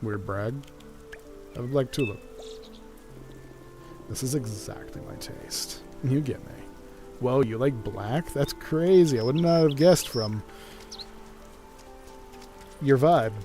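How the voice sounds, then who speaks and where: A man's voice: mid-range voice, takes it slowly, pauses often, music in the background. A man giving casual gameplay commentary with chatty, wry asides. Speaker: gaming video creator.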